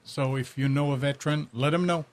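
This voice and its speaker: A man's voice: medium pitch, steady tone, brisk. A man on a radio show passing on plain, practical information. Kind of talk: radio talk, announcing tips.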